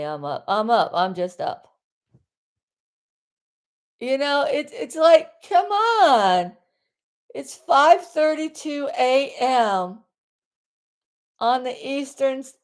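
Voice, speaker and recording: A woman from South Florida ranting loudly on a live stream from her bedroom, rambling and exasperated, with bursts of yelling. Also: a little high, big pitch swings, slow pace, long pauses.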